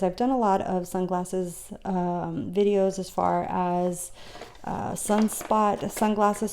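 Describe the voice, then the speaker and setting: A woman's voice: fairly low pitch, vocal fry, mellow. A woman vlogging casually at home, chatting through her collection item by item with many ums and uhs. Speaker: beauty vlogger. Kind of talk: casual show-and-tell walkthrough. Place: home room with storage drawers.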